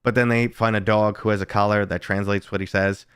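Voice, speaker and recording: Casual man streamer with a smooth voice. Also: on the low side, little pitch movement, fairly quick, fairly bright tone, no room sound, clean studio sound. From United States. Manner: casual storytelling, swearing, reading chat. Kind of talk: casual live stream chat.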